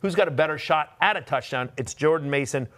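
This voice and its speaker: Animated higher-voiced male host. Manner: animated, chatty, fast bursts with laughter. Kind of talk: casual sports podcast chat.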